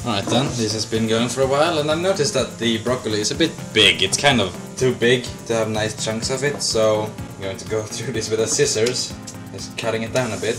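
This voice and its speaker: A young man hosting a casual improvised cooking demo, rambling goofily between steps. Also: fairly low pitch. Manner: goofy, rambling, slips into silly voices and chants. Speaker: cooking show host.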